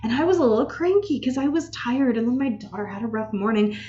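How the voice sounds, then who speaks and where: A woman giving a spiritual guide's casual energy update, telling personal stories in an animated way. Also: fairly high pitch, fast talker, highs cut off. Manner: animated storyteller, acts out her own quotes.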